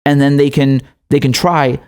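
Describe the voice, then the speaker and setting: A man's voice: mid-range voice, flat delivery, moderate pace, a little mellow, smooth. A young man hosting political commentary, indignant and profane, often laughing.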